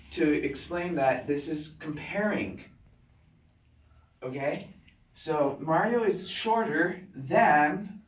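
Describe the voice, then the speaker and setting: A male teacher giving a classroom grammar lesson, talking slowly and deliberately and checking in with students after nearly every point. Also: fairly high pitch. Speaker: English teacher. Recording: roomy classroom sound from a distant mic.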